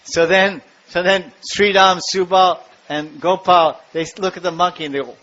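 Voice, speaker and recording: A man giving a devotional lecture, telling stories in an animated way and acting out the scenes. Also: sits high, moderate pace, slight background noise. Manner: animated storytelling, acts out scenes. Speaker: spiritual lecturer. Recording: dull lo-fi lecture recording.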